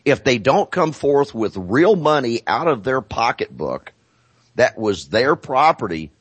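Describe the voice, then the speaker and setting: A man speaking as a talk show guest, explaining deliberately and repeating phrases for emphasis. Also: medium pitch, big pitch swings, slightly rough, no room sound.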